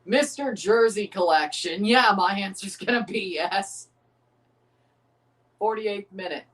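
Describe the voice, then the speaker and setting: Speaking slowly in a fairly bright, fairly high voice, a man hosts a live match watchalong stream with loose, casual commentary. He chats with his viewers, repeating phrases and returning to the same points, and his mic sits at a distance.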